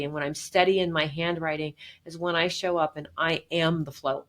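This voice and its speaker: A woman speaking as a guest on a podcast, talking earnestly and warmly in a casual way, often acting out what people say. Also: low-pitched, normal speed, few pauses. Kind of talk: casual conversational interview.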